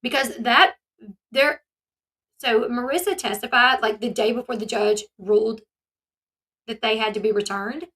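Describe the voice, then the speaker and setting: A woman hosts her own commentary channel, talking in a casual, chatty way. Her voice sits high and sounds bright and forward. She retells events with animation, slipping into the voices of the people she quotes. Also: measured pace, pauses often, breathy edge.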